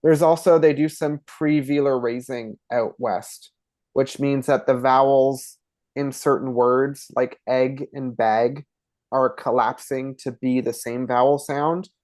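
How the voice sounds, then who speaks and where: A man's voice: medium pitch, steady tone, a little slow, darkish tone, no room sound. A man from Ontario with an Eastern Canadian accent, chatting as a podcast guest and acting out word pronunciations as he explains them. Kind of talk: casual interview conversation.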